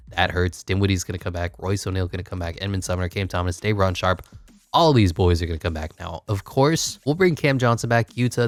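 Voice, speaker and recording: A man's voice: low-pitched, no echo. A man giving casual, wry commentary while playing a basketball management game, thinking aloud. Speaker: gaming YouTuber.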